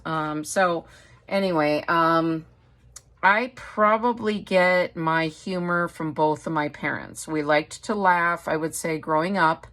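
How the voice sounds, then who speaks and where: A woman's voice: low-pitched, fairly bright tone. A middle-aged woman from Wisconsin chatting casually as a craft vlogger, rambling and laughing often. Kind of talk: casual chat.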